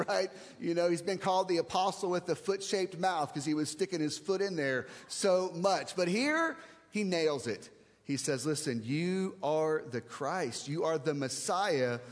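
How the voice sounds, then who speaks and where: A man preaching a sermon as pastor, conversational and emphatic, slowing down and speeding up to stress his points. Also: high-pitched. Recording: long reverb of a large hall.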